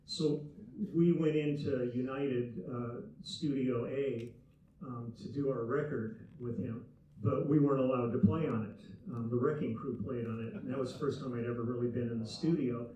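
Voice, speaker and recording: An older man recalls the old days onstage in a measured, reflective way. His voice is mellow and low in brightness, and it sounds far from the mic in a very echoey hall. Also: steady tone, slight background noise. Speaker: guest musician. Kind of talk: relaxed recollection. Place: theater stage before an audience.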